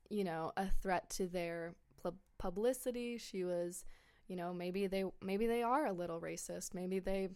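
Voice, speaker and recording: A woman's voice: medium pitch, a little mellow. A woman hosting a podcast in casual chat, gossipy and incredulous, with many fillers and short laughs. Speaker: podcast host.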